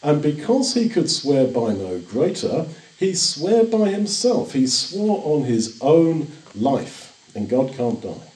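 Older man, sermon, earnest and reassuring, lively rise and fall, distant echoey room. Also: on the high side, slow. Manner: earnest, reassuring, repeats phrases. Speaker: preacher.

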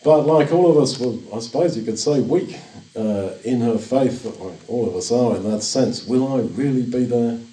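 A man's voice: mid-range voice, moderate pace, dark tone. An older man preaching a sermon in an earnest, reassuring way, often repeating his phrases. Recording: echoey room, distant mic.

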